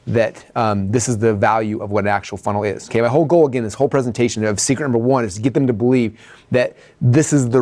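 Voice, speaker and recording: Very fast-talking man explaining his pitch. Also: darkish tone. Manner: rapid, conversational, heavy on "like" and "right?". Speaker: coach. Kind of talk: breaking down his own sales presentation.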